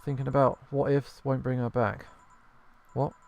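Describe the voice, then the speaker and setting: A man reading the lines of an anxious, bitter bartender woman from a video game, in a halting, hesitant way. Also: mid-range voice, little pitch movement, creaky, darkish tone, natural voice. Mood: regretful. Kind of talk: reading game dialogue aloud. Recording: faint game music behind.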